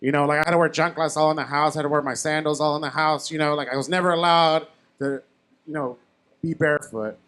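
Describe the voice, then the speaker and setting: A man's voice: fairly high pitch, steady tone, quick pace, fairly bright tone. A young man doing a casual stand-up comedy set on a bar stage, chatting with the crowd and poking fun at himself. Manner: conversational, self-deprecating, asks the crowd questions. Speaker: stand-up comic. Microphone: handheld stage mic.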